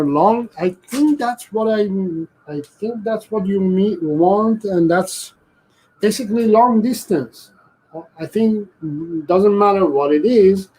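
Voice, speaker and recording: Male dog trainer on a live stream; slightly higher voice, unhurried delivery, careful explanations with frequent restarts. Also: darkish tone, breathy edge, poor audio.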